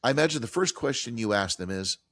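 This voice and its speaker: A man hosting a financial talk show, chatting in a lively way and acting out little quoted exchanges between landlords and tenants. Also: mid-range voice, quick pace, vocal fry, no echo. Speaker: radio show host.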